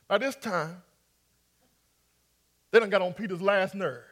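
A man's voice: high-pitched, unhurried, long pauses, a bit bright. A man preaching a sermon, acting out scripture scenes and coaxing his congregation to respond. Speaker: pastor.

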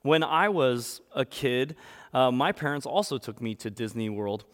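A man's voice: medium pitch, expressive, a little slow, big-room sound. A man from the United States preaching a sermon, telling a story and acting out the voices. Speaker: pastor.

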